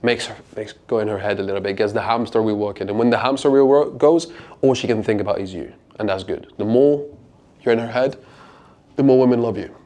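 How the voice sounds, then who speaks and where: A young dating coach gives a casual, profane seminar talk to a small group. He speaks fairly quickly with a dark tone, acting out lines in a raised voice with jumps in pitch.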